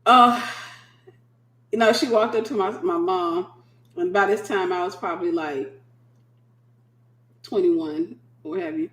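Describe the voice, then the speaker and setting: A woman minister hosting a casual late-night livestream, a sleepy, animated storyteller. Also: lowish voice, unhurried, long pauses, echoey room. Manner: animated storyteller who acts out quoted voices.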